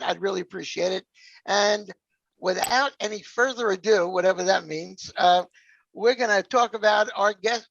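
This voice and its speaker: Gravelly older New man hosting. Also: sits high, a bit bright, no echo. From New York area. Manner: chatty, jokey, peppers lines with "all right?". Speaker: podcast host. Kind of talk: casual podcast chat. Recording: dull, dry lo-fi sound.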